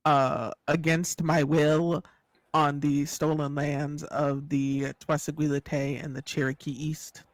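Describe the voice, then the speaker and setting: A man's voice: on the high side, little pitch movement, slow, dry recording. A man, a player joking and telling rambling comic stories at the table. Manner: brash, rambling comic storyteller.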